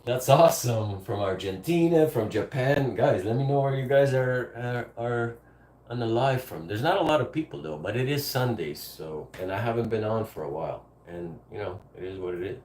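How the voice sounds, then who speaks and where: A man's voice: mid-range voice, animated, normal speed, darkish tone, recorded from a distance. A man chatting casually to his viewers during a music livestream, laid-back and chuckling. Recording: roomy, off-mic, music behind. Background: faint music.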